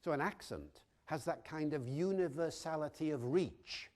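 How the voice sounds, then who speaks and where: A man's voice: on the high side, moderate pace, a little mellow. A man from Wales, giving an educational talk full of rhetorical questions. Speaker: lecturer on language.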